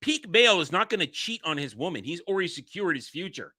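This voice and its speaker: Bright-voiced man rambling on a stream. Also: a little high, sing-song, fast, dry recording, clean studio sound. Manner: rambling, self-interrupting, chuckles often. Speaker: streamer host. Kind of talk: casual livestream chat.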